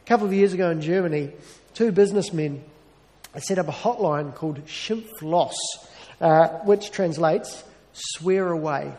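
A man with a fairly high voice preaches a sermon, earnest and conversational, slipping in wry asides about himself. His voice rings out with a long reverb. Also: moderate pace, a little mellow.

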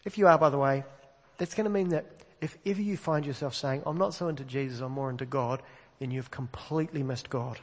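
A man's voice: mid-range voice, brisk. A man preaching a sermon in a conversational way, asking the congregation direct questions over an amplified microphone in a church. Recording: long reverb of a large hall.

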